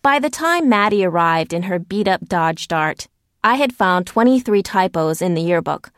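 A woman reading a first-person storybook aloud in a gentle, earnest narrating manner. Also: fairly low pitch, expressive, moderate pace, dry recording, clean studio sound. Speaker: audiobook narrator.

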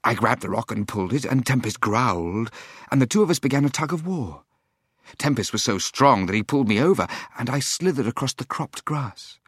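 A man reading a story aloud as a first-person narrator, with expressive, lilting delivery. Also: medium pitch, a little fast, breathy edge, no echo, studio quality.

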